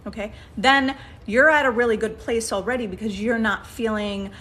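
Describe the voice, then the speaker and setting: A woman's voice: fairly high pitch, moderate pace, a bit bright. A woman giving a casual coaching talk as a manifestation coach, coaxing her listeners and checking in with frequent "okay?" and "right?". She often restarts sentences while thinking aloud.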